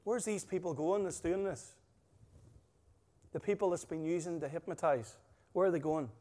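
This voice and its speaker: A man preaching a sermon, emphatic and full of stories, his volume swinging between loud stresses and quiet asides. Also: on the high side, moderate pace. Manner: emphatic, storytelling, rising and dropping volume. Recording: long hall reverb.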